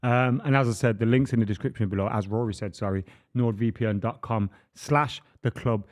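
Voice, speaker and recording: A man's voice: mid-range voice, moderate pace. A man co-hosting a live football chat show, reading a sponsor message and teasing his co-hosts.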